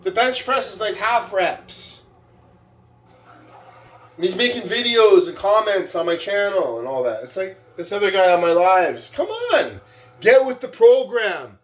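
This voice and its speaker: A man's voice: high-pitched, unhurried, fairly bright tone, reverberant. A man in a casual vlog rant, boastful and taunting, who keeps tagging his sentences with "right?" and "man". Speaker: weightlifting vlogger.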